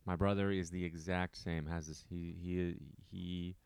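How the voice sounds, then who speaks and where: A man's voice: deep voice, level tone, unhurried, a little mellow, smooth, no echo. A man chatting casually on a podcast, self-deprecating and emphatic, often repeating his points. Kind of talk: casual chat.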